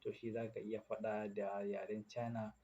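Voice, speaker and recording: Nigerian man, low flat voice, patient phrase-by-phrase teaching, dull lo-fi audio with faint hiss. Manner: repeats phrases slowly, switching between three languages. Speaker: language teacher. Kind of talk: casual language lesson.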